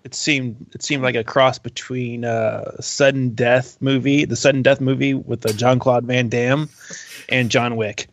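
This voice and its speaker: A man on a podcast panel making wry, deadpan quips. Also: mid-range voice, a little slow, dull audio. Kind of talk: casual panel chat.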